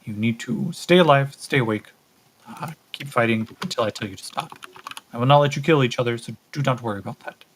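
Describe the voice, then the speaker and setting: A man's voice: mid-range voice, a little fast, a little hiss or hum, lightly acted. A man doing a cold, commanding male captor. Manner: clipped, commanding, menacing. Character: cold, controlling male captor running a fight.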